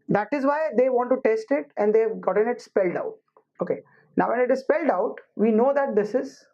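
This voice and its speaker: A woman teaching IELTS listening, explaining slowly and restating her points. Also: medium pitch, dark tone. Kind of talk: recorded classroom lesson. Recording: muffled lo-fi recording.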